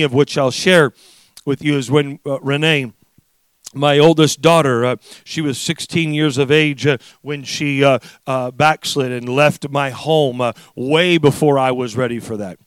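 A middle-aged man preaching a sermon, full of "uh" fillers, rising to shouted passages. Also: mid-range voice, dry recording. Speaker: pastor.

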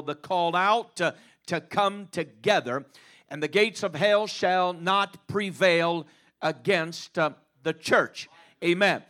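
A man preaching a sermon as pastor, halting often with fillers and repeating his phrases. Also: fairly high pitch, a bit bright.

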